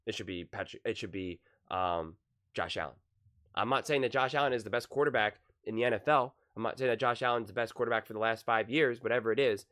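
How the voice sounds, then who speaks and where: Talking quickly in a fairly low, fairly bright voice, a man hosts his own sports channel with passionate, casual opinion commentary addressed to the camera. He often repeats words and starts sentences over.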